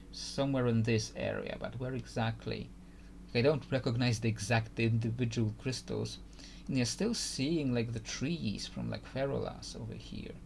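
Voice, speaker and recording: A man's voice: mid-range voice, gravelly, darkish tone, slight background noise. A man giving casual gameplay commentary, hesitant and thinking aloud with frequent restarts. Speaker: gaming YouTuber.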